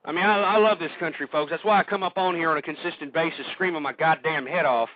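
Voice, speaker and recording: Angry high-voiced man ranting on radio. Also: quick pace, dry recording, narrow, tinny audio. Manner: shouting, insulting, exasperated. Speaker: radio host. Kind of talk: angry political rant.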